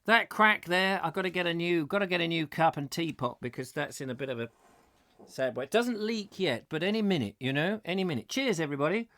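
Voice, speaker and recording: A man's voice: fairly high pitch, expressive, brisk, pushed and bright. A middle-aged man hosting a live chat show, chatty and theatrical with rambling asides while he reads out viewer comments. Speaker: host.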